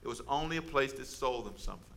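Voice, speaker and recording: A man's voice: medium pitch, lively intonation, fast talker, creaky, fairly bright tone, a little hiss or hum. A man preaching a sermon as pastor, conversational and humorous, calling out to his congregation for responses.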